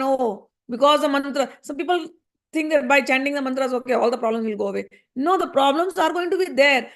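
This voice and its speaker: A woman giving a spiritual discourse, earnest and gently reassuring, repeating her points. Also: high voice. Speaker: spiritual teacher.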